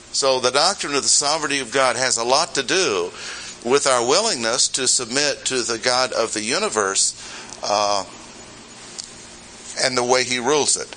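Bright-voiced man preaching a sermon. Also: mid-range voice, normal speed, slight background noise, low-quality recording. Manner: conversational, with rhetorical questions and humorous asides. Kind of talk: expository sermon.

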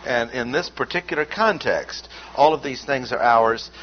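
A man giving an expository Bible lesson in a measured, emphatic way, repeating key words as he lists points. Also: medium pitch. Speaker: Bible teacher. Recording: dull lo-fi recording with faint noise.

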